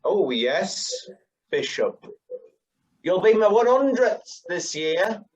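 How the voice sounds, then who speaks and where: A man's voice: sits high, big pitch swings, slow, exaggerated voice. A man playing a cheeky, teasing young charmer. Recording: distant, dull lo-fi sound.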